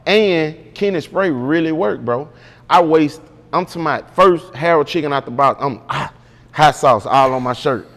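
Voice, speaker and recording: A man's voice: on the high side, a little slow, a bit bright, long reverb tail. A man guest in an interview, telling a story casually and with animation, full of slang and repeated "bro".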